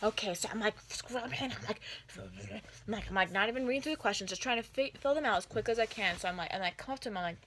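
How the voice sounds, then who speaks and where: A woman's voice: medium pitch, fast talker, slight background noise. A woman telling an embarrassing story in a casual storytime vlog, rambling with lots of filler words. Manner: rambling, filler-heavy, animated retelling.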